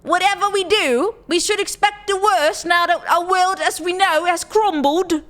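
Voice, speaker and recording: A woman putting on a deliberately bad fake British accent to read game text aloud as a parody. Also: bright, forceful tone, full character voice. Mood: mock dramatic. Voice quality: high exaggerated fake British voice. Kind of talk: parody reading.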